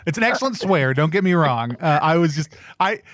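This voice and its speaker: A man's voice: fairly high pitch, expressive, brisk, fairly bright tone, no echo, studio quality. A man playing a tabletop role-playing game, describing his character's actions in a rambling, laughing way. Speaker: player. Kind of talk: casual tabletop game play.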